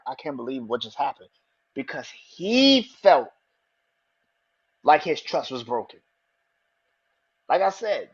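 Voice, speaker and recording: A man hosting a podcast, talking excitedly and with a lot of swearing, repeating his predictions for emphasis. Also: fairly high pitch, breathy edge, lo-fi sound. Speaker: podcast host. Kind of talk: casual wrestling commentary.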